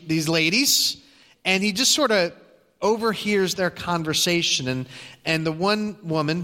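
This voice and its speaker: A middle-aged male pastor preaching a story in a church, with a bright, forceful tone and a fairly high voice. He talks conversationally and restarts often. A long reverb from the sanctuary trails every line. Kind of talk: sermon storytelling.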